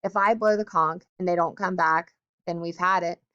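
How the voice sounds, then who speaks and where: A woman's voice: fairly low pitch, fairly even intonation, moderate pace, sharp tone, clear, resonant tone, lo-fi sound. A woman voicing an earnest, troubled boy chief who speaks in a worried way.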